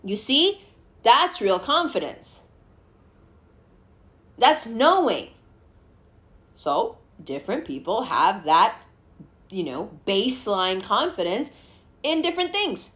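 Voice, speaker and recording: A woman hosting a casual chat, animated and swearing freely as she acts out what people say. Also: mid-range voice, slow pace, pauses often.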